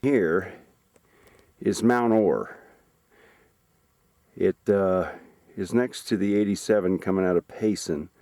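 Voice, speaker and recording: A man narrating his mountain hike to a handheld camera outdoors, talking in a halting way with frequent fillers. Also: deep voice, warm tone, no echo. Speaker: hiker filming his climb. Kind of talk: casual hiking vlog narration.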